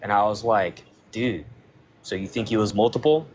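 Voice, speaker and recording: A man's voice: on the low side, normal speed, slight background noise. A man who is a podcast guest, casually retelling a friend's encounter in a loose, conversational way and acting out the dialogue. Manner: loose and conversational, with frequent "like" fillers. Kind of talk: casual storytelling.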